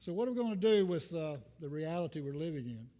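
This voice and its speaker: An older man delivers a loose, folksy sermon, drifting between thoughts with self-deprecating humor. His voice sits a little high for a man. It rings out with a long reverb through a church sanctuary. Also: big pitch swings, fast talker, mellow. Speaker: visiting minister. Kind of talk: informal sermon.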